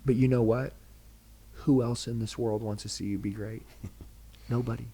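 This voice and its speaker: A man giving an intense motivational pitch as a podcast guest, direct and preachy, firing off rhetorical questions. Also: fairly even intonation, moderate pace, warm tone, breathy edge. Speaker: sales trainer, podcast guest.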